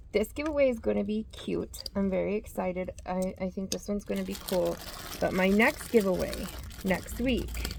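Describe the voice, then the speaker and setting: Chatty woman with a gravelly edge. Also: mid-range voice, background noise. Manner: chatty, reads out yarn labels, self-correcting. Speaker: yarn channel host. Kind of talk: casual show-and-tell vlog.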